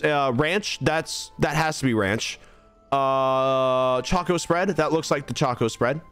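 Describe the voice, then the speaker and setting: A young man streams a game and narrates it in a rambling, exasperated, self-mocking way. His voice is smooth and medium-pitched, suited to this casual gameplay commentary.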